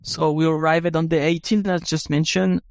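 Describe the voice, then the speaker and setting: A man's voice: a little high, level tone, moderate pace, vocal fry, dry recording. A man from an expedition team telling his side of events in a plain, matter-of-fact way. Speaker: expedition member. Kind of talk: conversation.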